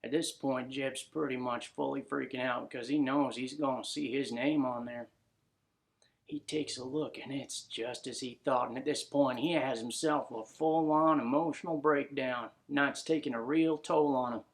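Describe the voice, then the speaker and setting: A man's voice: mid-range voice, steady tone, unhurried, vocal fry. A man narrating a comic story in a laid-back drawl full of folksy slang.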